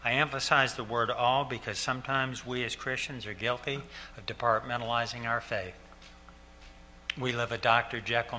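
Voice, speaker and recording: An older man preaching a sermon as pastor, earnest and repeating key lines slowly for emphasis. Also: mid-range voice, sharp tone, a little hiss or hum. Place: church sanctuary.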